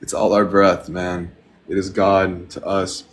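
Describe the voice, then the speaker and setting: A man's voice: deep voice, flat delivery, unhurried, a little hiss or hum. A man hosting a devotional livestream from home, talking casually in an earnest, grateful, rambling way. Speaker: livestream host. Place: at home with pet birds.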